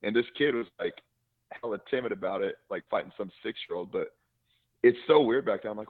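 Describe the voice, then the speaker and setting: A man's voice: on the low side, a little fast. A man co-hosting a casual podcast chat who rambles, swears freely and laughs often. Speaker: podcast co-host. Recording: tinny phone-like sound.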